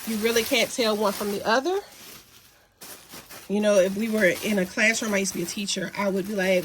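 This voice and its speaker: A woman's voice: mid-range voice, steady tone, a little fast, a bit bright, a little hiss or hum. Chatty sniffly woman teaching sewing. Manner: chatty, folksy, apologetic asides. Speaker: sewing tutorial host. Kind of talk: casual sewing tutorial. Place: home sewing room. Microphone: phone mounted near sewing machine.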